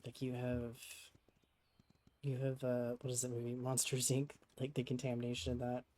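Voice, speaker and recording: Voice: mid-range voice, monotone, normal speed, warm tone. A streamer chatting casually at a home desk, talking dotingly to a cat on their lap. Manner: doting, chatty talk to a pet. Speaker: game streamer. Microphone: desk microphone with webcam.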